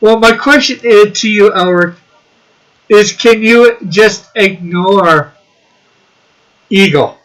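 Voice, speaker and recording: A man with a high, bright voice hosts a loose livestream chat. He reads viewer messages aloud and keeps breaking into giggles. His delivery is easygoing and chatty. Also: slow pace, pauses often, poor audio. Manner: giggly, laughs often between lines. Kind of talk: casual chat.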